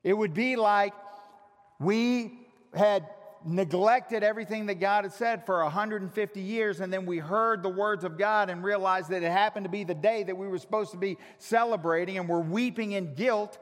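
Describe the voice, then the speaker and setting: A male pastor preaching a sermon, teasing his congregation and swinging from loud shouts to hushed, drawn-out emphasis. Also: high-pitched. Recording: long reverb of a large hall.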